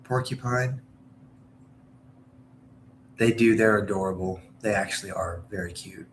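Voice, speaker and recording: A man's voice: deep voice, steady tone, a little fast, a little hiss or hum. A man from Southern Indiana chatting casually on a livestream while baking, rambling from one topic to the next. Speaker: livestream host.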